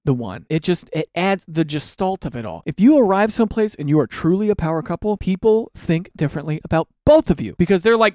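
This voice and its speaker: A man riffs through comic commentary on online posts with a pitch that leaps all over the place. He rants in mock exasperation and slips into goofy quoted voices. The sound is close and dry, with no room around it. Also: a little fast, few pauses, no room sound. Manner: animated, ranting, mock-exasperated; drops into silly quoted voices. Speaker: comedy commentator.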